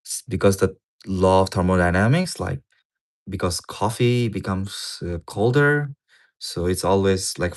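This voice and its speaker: A low-voiced man rambles through casual livestream commentary while reading a paper, repeating words and swearing offhandedly.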